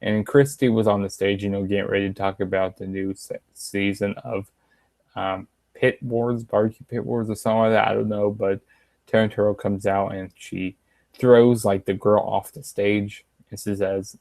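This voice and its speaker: A man's voice: fairly low pitch, little pitch movement, normal speed, creaky, a little mellow, dry recording. A young man casually reviewing a wrestling show, rambling with many fillers and retelling lines in a slightly raised voice.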